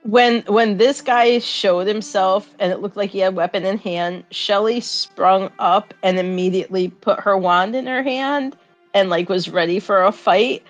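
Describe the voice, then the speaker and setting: A woman's voice: medium pitch, measured pace, muffled recording, soft background music. A woman player describing her character's actions casually, with many fillers and hedges. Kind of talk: casual tabletop role-play.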